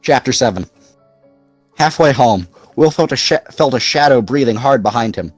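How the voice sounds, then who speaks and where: A man narrating a novel aloud in an expressive, lively storytelling manner. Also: medium pitch, normal speed, no room sound, soft background music. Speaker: audiobook narrator. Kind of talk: scripted narration.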